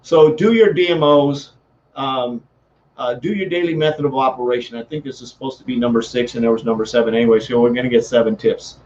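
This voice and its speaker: A man's voice: mid-range voice, a little fast, a little mellow, muffled recording, slight background noise. A man giving a motivational talk as a sales coach, fervent and repetitive, often restarting his sentences.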